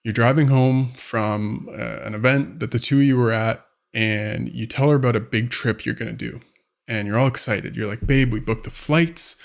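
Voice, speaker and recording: A man's voice: mid-range voice, fairly even intonation, moderate pace, vocal fry. A man who coaches on relationships, talking casually to camera and acting out everyday scenes. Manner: conversational, acts out scenarios with quoted voices. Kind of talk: direct-to-camera advice vlog.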